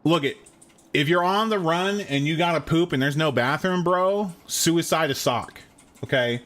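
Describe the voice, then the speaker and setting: A man's voice: a little high, moderate pace, a bit bright. A young man streaming a game, riffing with chat in crude, slangy jokes. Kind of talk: casual gameplay chat.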